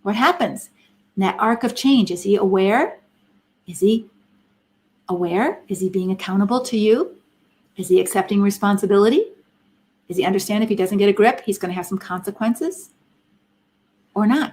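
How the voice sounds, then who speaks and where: A woman's voice: mid-range voice, a little mellow. A middle-aged woman giving an earnest, emphatic teaching talk on a live stream, asking many rhetorical questions. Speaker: Christian counselor and speaker.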